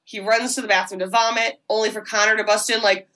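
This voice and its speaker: A woman co-hosting a podcast, casually recapping a horror film in a chatty way with many quick asides. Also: medium pitch, flat delivery, bright, forceful tone. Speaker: podcast co-host.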